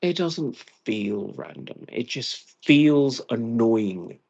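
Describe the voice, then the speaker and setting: A man's voice: mid-range voice, animated, extremely slow, darkish tone, highs cut off. An exhausted American man venting angrily in a profane monologue. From United States. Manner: angry, profane rant. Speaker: vlogger.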